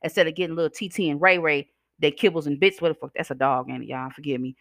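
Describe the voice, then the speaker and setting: A woman's voice: low-pitched, steady tone, quick pace, no room sound, clean studio sound. A woman hosting a podcast, ranting casually with a blunt, sassy, profane manner and a slight slur from chewing gum, speaking. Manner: blunt, sassy, profane, addresses listeners as "y'all" and "child". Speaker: podcast host.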